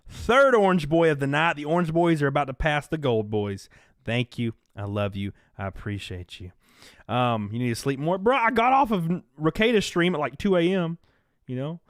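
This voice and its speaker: A man hosting a livestream talks in a loose, chatty way and keeps breaking into laughter. His voice sits a little high and swings up and down a lot. The close mic picks it up dry, with no room sound. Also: moderate pace, clear, resonant tone, no room sound. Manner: animated, reads donations aloud, laughs at own jokes. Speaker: livestream host. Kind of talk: casual livestream chat.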